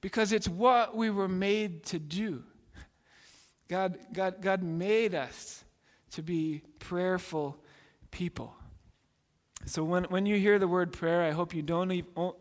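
A man's voice: high voice, big-room sound. A man preaching a sermon as a pastor, telling a story in an earnest way that repeats itself and often restarts.

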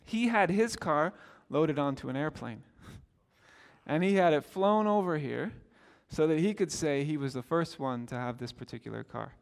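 Man, middle-aged, pastor, sermon, high voice, conversational storytelling, reverberant church hall. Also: lively intonation, normal speed, gravelly, clean tone. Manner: storytelling, conversational with acted quotes.

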